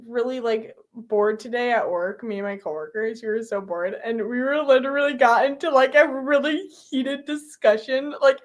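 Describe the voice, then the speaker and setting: A woman's voice: a little high, moderate pace, few pauses. A young woman streaming live, chatting casually with her viewers, giggly and full of fillers.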